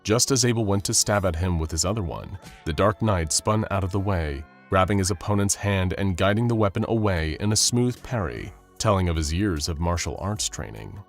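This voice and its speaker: A man narrating a scripted action story in a steady, dramatic storytelling manner. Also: low-pitched, moderate pace, hardly any pauses, faint music behind.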